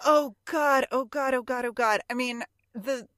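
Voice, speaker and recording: Female podcast co-host, higher-pitched, excitable and gushing, dry close-mic sound. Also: measured pace, no echo. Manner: gushing, excitable, acts out quotes. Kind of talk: casual chat. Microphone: studio microphone.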